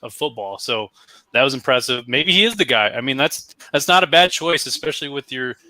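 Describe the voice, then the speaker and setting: A man co-hosting a casual sports podcast, thinking out loud and correcting himself as he talks through his draft picks. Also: medium pitch, animated, fairly quick, no room sound. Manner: conversational, thinks aloud, self-correcting. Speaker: podcast co-host.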